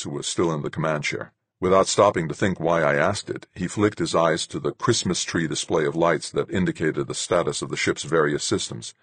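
A man with a husky voice giving a measured first-person audiobook narration. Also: low voice, no echo.

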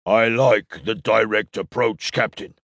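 A man reading a story, voicing Kref, a big, blunt male alien who talks slowly and plainly. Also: on the low side, creaky, fairly bright tone, no room sound, studio quality, full character voice.

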